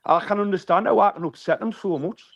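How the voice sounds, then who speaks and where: A man's voice: sits high, fast, gravelly, a bit bright. A man with a northern English accent calling in to a live stream, ranting bluntly with heavy swearing and repeating himself. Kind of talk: casual ranting call-in.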